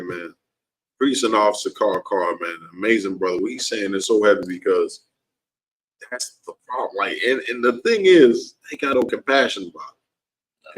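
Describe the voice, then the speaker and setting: Fiery man preaching to a class. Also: rough recording. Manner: heated, repetitive, pitch leaps up when worked up. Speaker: class teacher.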